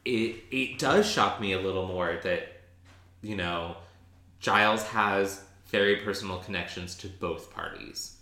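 A lowish, bright-voiced man talks through a TV episode in a loose, animated way, stopping and restarting his sentences. The room around him gives off a clear echo. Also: measured pace. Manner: chatty, animated, frequent restarts and ums. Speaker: podcast co-host. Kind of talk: casual recap chat.

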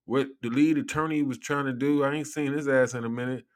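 A man's voice: mid-range voice, fairly even intonation, fairly quick. A man giving loose, rambling commentary to his viewers, laughing often and swearing freely. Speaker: commentary vlogger.

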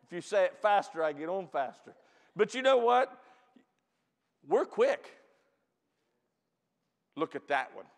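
A man preaching a camp meeting sermon as pastor. He stretches and shouts key lines to the church, then drops into quick, quiet storytelling. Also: high-pitched, big pitch swings, vocal fry, in a large hall. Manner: preaches with loud drawn-out emphasis, calls out to the church.

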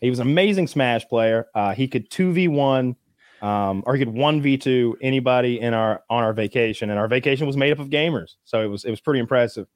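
A man's voice: medium pitch, fairly quick, dry recording. A man chatting casually as a podcast co-host, rambling with lots of fillers and some swearing. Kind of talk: casual chat.

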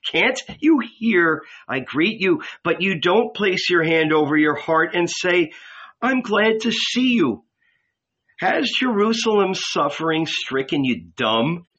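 A man reading an audiobook, voicing a calm, gentle male rabbi who speaks earnestly. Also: high-pitched, slow pace, slightly rough, lo-fi sound, voice pushed up, heavily acted.

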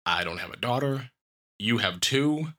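A man's voice: medium pitch, animated, normal speed, pushed and bright. A man co-hosting a casual movie review podcast, recapping scenes in a wry, play-by-play way. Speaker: podcast co-host. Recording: lo-fi podcast audio.

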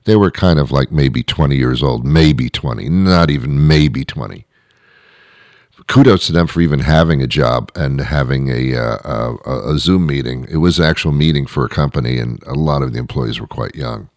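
Very deep-voiced wry male host. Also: normal speed, no echo, clean studio sound. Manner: rambling, wry, deadpan asides. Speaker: show host. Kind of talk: comedic monologue.

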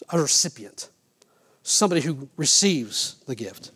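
High-voiced man preaching a sermon. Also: normal speed. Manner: animated preacher, reads King James scripture, asks the congregation questions. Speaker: pastor.

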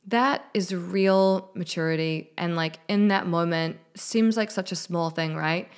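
A woman's voice: on the low side, normal speed, hardly any pauses. A woman hosting her own podcast, talking candidly and emotionally in a casual solo chat, swearing now and then, into a studio microphone with a mixer. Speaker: podcast host.

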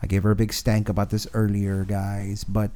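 A young man co-hosting a casual podcast chat, animated and jokey, slipping into funny voices. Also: lowish voice, moderate pace. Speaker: podcast co-host.

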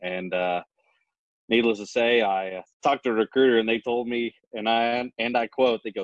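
A man's voice: on the low side, brisk, dry recording, highs cut off. Young man telling a story. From Missouri Ozarks. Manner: animated storyteller acting out quoted dialogue. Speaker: guest, special operations graduate. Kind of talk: casual storytelling interview.

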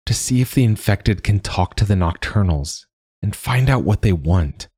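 A man voicing a calm, earnest young female recruit in an audiobook story. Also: low voice, moderate pace, husky, no echo, clean studio sound.

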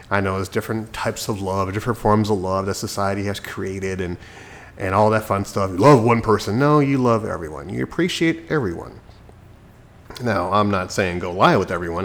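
A sick podcast host, recovering from illness, speaks alone into a desk microphone in a deep, gravelly voice that's a bit bright, with a little hiss or hum behind it. His solo monologue is chatty, preachy and self-mocking.

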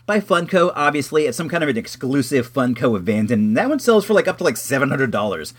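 A man's voice: medium pitch, very animated, fast, breathy edge. A man hosting an internet radio show, chatting casually in a rambling way with many fillers. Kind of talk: casual radio segment monologue.

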